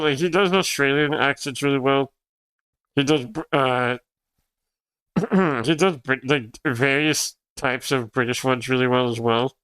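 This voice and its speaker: A man's voice: mid-range voice, a bit bright, smooth, no room sound. A young man whose first language is Spanish, chatting casually on a livestream, rambling and laughing often as he answers chat. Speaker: streamer.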